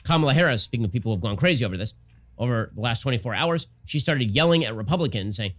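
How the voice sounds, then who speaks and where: A man's voice: mid-range voice, lively intonation, fast talker, fairly bright tone. A man giving political commentary in a sarcastic, mocking tone.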